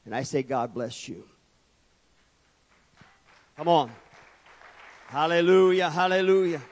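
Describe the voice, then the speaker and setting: A pastor speaks slowly from the church pulpit in a mid-range voice that's a little mellow and slightly rough. His sermon builds its points through repetition, and he calls out for amens.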